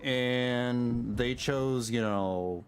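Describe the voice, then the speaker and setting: A man's voice: medium pitch, extremely slow. A man casually commenting on a game during a livestream. He muses aloud, trails off, and laughs at his own jokes. His voice sits in a middle range, with faint game music behind him. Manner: musing, chatty, chuckles at himself. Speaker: streamer.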